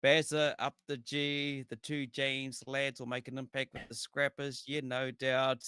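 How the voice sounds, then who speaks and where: A man from New co-hosting a casual live show, upbeat and giving shout-outs to viewers. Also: mid-range voice, flat delivery, measured pace, clear, resonant tone, no echo, studio quality. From New Zealand. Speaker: co-host. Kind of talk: casual live-stream chat.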